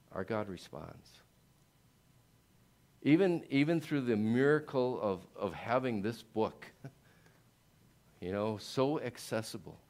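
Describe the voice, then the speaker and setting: A male pastor preaching a sermon, dropping to slow hushed lines and building to loud rising peaks. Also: fairly low pitch. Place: church.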